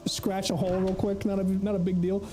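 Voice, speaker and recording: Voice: mid-range voice, level tone, fairly quick, mellow, rough recording. A game streamer chatting casually with viewers while playing, rambling, laughing often and swearing freely. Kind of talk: casual livestream chatter reading chat while gaming.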